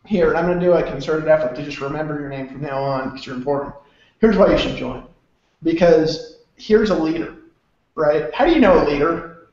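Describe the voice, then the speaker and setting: A man with a high voice pitches a course in a loose, rambling way, restarting sentences and laughing a lot. His voice rings around a very echoey room, and the sound is dull and lo-fi. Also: brisk, a little mellow. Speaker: host of an online sales webinar.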